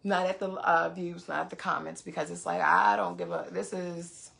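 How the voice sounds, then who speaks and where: A woman's voice: fairly low pitch, little pitch movement, normal speed, vocal fry, a bit bright. A woman vlogger venting to her viewers in heated casual talk, cursing freely and repeating phrases for emphasis.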